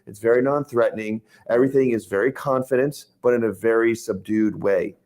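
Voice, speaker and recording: Fast-talking animated man. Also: medium pitch. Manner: fast-talking, animated, quick to imitate others. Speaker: Medicare sales agent. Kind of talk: casual chat.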